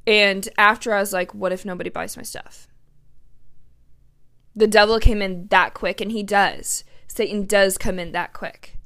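A woman's voice: medium pitch, sharp tone, smooth. A woman in her twenties hosting her own podcast, talking candidly and emotionally with lots of "like" and fillers. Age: 20s. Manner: chatty, emotional, heavy use of "like". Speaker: podcast host. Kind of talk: candid solo podcast monologue.

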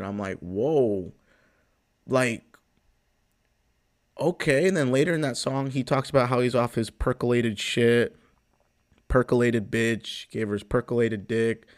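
A man in his twenties from the US Pacific Northwest, hosting a podcast and telling a personal story in a loose, profane way, with sudden jumps in pitch and loudness. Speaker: podcast host. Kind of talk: casual storytelling monologue.

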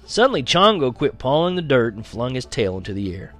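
A man reading a first-person frontier story aloud, lively and dramatic, slowing down at tense moments. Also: mid-range voice, soft background music. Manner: lively, dramatic, slows for action beats. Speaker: audiobook reader.

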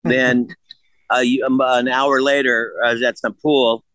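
A man's voice: mid-range voice, level tone, unhurried, a bit bright, dry recording, rough recording. Older man, blunt, swears a lot, rambling stories, dry close sound. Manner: blunt and profane, rambling storyteller. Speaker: guest. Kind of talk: casual interview chat.

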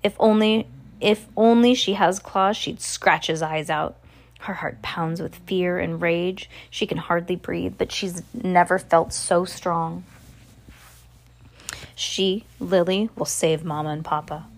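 A woman reads a ghost story aloud in a fairly low voice. Her reading is expressive, and now and then she breaks off for a casual aside. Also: slow pace. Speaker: storybook reader.

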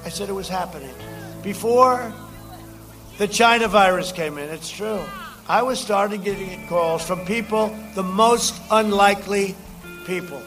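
A man speaking at a campaign rally, rambling and repeating phrases and shouting out to the crowd. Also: high voice, a little slow, soft background music.

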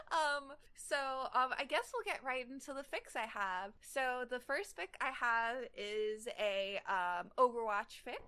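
A woman's voice: on the high side, sharp tone. A young woman hosting a casual fan podcast, gushing enthusiastically and reading fan fiction aloud. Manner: enthusiastic, gushing, filler-heavy. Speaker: podcast host.

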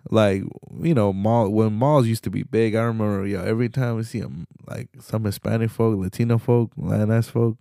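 A man's voice: lowish voice, fairly even intonation, normal speed, vocal fry, hardly any pauses, warm tone, no room sound, clean studio sound. A young man hosting a podcast solo, ranting in loose, slangy, profane talk and tacking "man" onto nearly every sentence. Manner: slangy, profane, rambling, says "man" constantly. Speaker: podcast host. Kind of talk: casual solo podcast rant.

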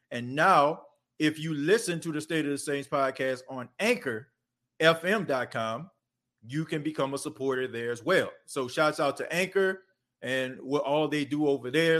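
A man's voice: fairly high pitch, a bit bright. A man hosting a casual sports podcast, talking loosely and conversationally and using lots of filler phrases. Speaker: podcast host.

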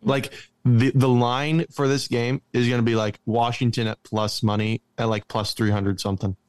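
A man's voice: medium pitch, flat delivery, normal speed, clean tone, no room sound. A young man in a casual hockey chat, arguing his points and joking around. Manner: argumentative, joking, stretches words to make a point.

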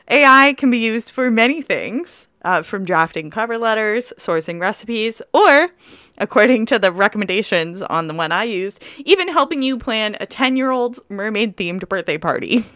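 A woman co-hosting a podcast in casual chat, playful and quick to laugh. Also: medium pitch, expressive, bright, forceful tone, no echo, clean studio sound. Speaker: podcast co-host.

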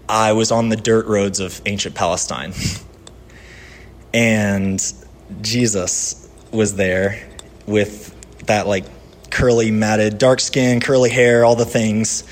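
A man pastor giving a sermon in a conversational style, telling personal stories and dropping from lively to hushed. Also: lowish voice, slight background noise.

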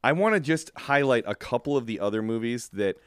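A man's voice: medium pitch, expressive, fairly quick, clean tone, dry recording, clean studio sound. A man co-hosting a podcast, playful and agreeable in casual chat. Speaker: podcast co-host.

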